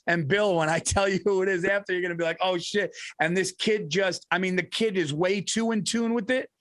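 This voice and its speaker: A man co-hosting a comedy podcast, telling stories in an animated, profane way and laughing often. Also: sits high, brisk, no echo, clean studio sound. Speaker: podcast co-host. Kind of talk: casual comedic chat.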